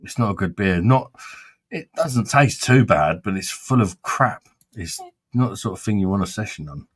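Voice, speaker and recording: A man talking casually about beer in a blunt, sweary way. His voice sits a bit low, and he laughs easily. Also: expressive, normal speed, husky. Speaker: beer reviewer host. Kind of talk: casual chat.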